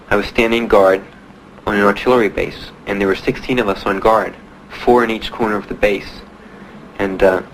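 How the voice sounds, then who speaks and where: A young man, a veteran, telling his own story in plain, halting speech with many pauses. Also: lowish voice, a bit bright, slight background noise, low-quality recording. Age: young adult. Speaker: Vietnam veteran giving testimony. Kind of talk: personal testimony.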